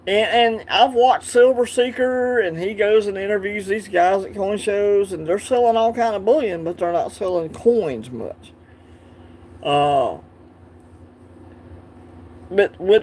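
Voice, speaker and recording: A Southern-accented man from Alabama hosts a casual coin-collecting livestream, rambling, laughing, and answering viewers' chat in a high-sitting, darkish voice.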